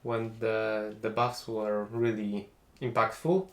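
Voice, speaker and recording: A man's voice: on the low side, level tone, slow. Agreeable man chatting in an echoey room. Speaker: tabletop game co-commentator. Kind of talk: casual post-game discussion.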